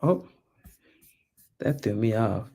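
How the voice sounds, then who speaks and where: A young man hosts a live stream in a slow, sing-song voice that's gravelly yet warm. He chats casually and with animation, rambling and sometimes losing his train of thought, keeping his voice down so he won't wake the kids.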